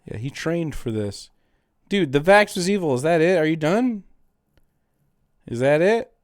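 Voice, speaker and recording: A man's voice: fairly high pitch, big pitch swings, measured pace, no room sound, clean studio sound. A man streaming, reacting to videos and mocking chat in a sarcastic, profane casual chat.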